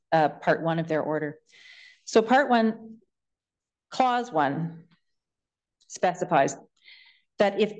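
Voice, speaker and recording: A woman lawyer making a formal closing submission in court, reading passages aloud from documents in a measured way. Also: on the low side, darkish tone. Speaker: government lawyer.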